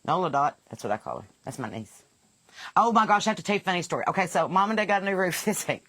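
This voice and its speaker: A woman's voice: lowish voice, animated, fast, a bit bright, no room sound. A woman in her forties with a Southern US accent hosting a podcast, chattily telling anecdotes and laughing through them. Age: 40s. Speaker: podcast host. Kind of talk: casual family chat.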